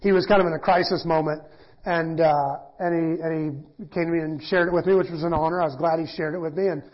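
A middle-aged pastor teaching in a casual, self-deprecating sermon, often acting out quoted voices. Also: male voice, on the high side, fairly even intonation, quick pace. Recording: dull lo-fi church audio.

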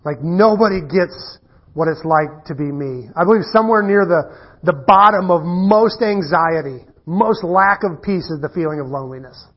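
A man's voice: on the high side, moderate pace, husky. A middle-aged man preaching a conversational sermon, telling stories in a casual, self-deprecating way with frequent restarts. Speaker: pastor. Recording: dull muffled lo-fi recording.

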